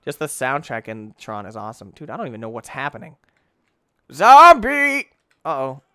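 Excitable man with a lively, bright voice. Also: on the high side, normal speed, clean tone, no echo, studio quality. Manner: excitable, goofy, talks to the game, bursts into shouts. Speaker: game commentator. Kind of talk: let's play commentary.

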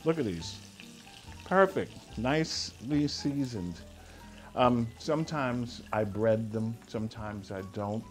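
A man's voice: mid-range voice, animated, slow pace, faint music behind. A middle-aged man hosting a cooking show, talking casually and playfully, humming and chuckling as he cooks. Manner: chatty and playful, hums and chuckles while cooking.

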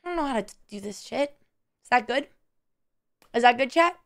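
Hoarse young woman, high lively voice. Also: moderate pace. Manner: playful, coos and sing-songs at a pet bird. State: hoarse, strained voice. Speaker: streamer. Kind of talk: casual live-stream chat.

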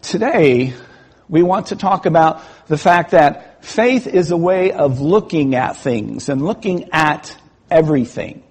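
Slow, husky-voiced male preacher. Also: a little high, animated, darkish tone. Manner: storytelling with acted-out quotes, slow and measured. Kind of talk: sermon. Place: church.

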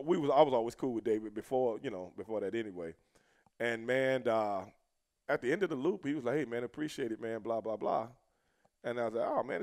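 A middle-aged American man telling a road story casually, cursing a lot and shouting out the lines he quotes. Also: medium pitch. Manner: profane, animated, shouts when quoting himself.

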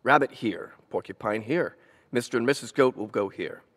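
A man's voice: mid-range voice, moderate pace, a bit bright, in a large hall, close to an everyday voice. A man voicing a kindly, eager-to-please male moose in a children's story read aloud. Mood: cheerful.

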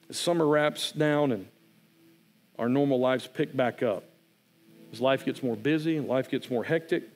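A man's voice: mid-range voice, normal speed, long pauses. A man preaching a sermon, retelling a story in an earnest, conversational way. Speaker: pastor.

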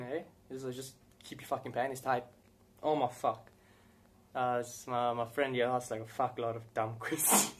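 Brief: young-sounding man, mid pitch, loose and profane, rambling Q&A to camera. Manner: rambling, heavy swearing, laughs often. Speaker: gaming YouTuber answering viewer questions. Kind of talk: casual Q&A chat to camera.

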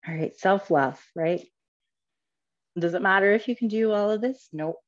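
A woman's voice: mid-range voice, normal speed. A woman yoga teacher cueing poses step by step in a live class, a little out of breath and laughing at her own slips. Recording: slightly dull lo-fi audio.

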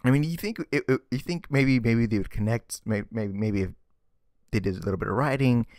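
Speaking a little fast in a mid-range, slightly mellow voice, this vlogger rants through comic book commentary with sarcasm and exasperation, stammering and repeating words often. The sound is studio quality with no echo.

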